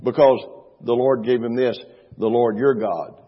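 A middle-aged man preaching a sermon as pastor, emphatic, slowing down to stress scripture and repeating phrases. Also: mid-range voice, fairly even intonation, breathy edge. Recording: reverberant hall, dull lo-fi sound.

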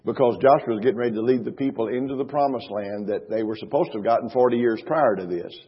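A middle-aged man preaching a sermon as pastor, emphatic, slowing down to stress scripture and repeating phrases. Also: mid-range voice, slightly rough. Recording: reverberant hall, dull lo-fi sound.

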